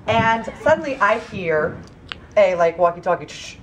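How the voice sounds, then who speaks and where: A woman in her thirties telling a story in an animated way, often slipping into other people's voices and laughing as she goes. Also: medium pitch, moderate pace, a little hiss or hum. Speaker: author telling an anecdote.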